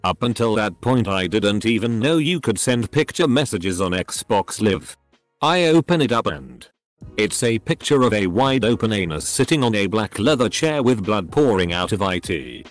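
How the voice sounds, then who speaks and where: A man's voice: lowish voice, animated, normal speed, faint music behind. A man reading online stories aloud as a channel narrator, spelling out abbreviations letter by letter.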